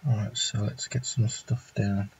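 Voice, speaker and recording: A man's voice: lowish voice, steady tone, measured pace, gravelly, darkish tone, lo-fi sound, slight background noise. A man chatting casually on a live stream from home, thinking aloud as he draws, with plenty of fillers and half-finished thoughts. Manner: rambling, thinking aloud with fillers and self-talk. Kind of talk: casual live-stream chat while drawing.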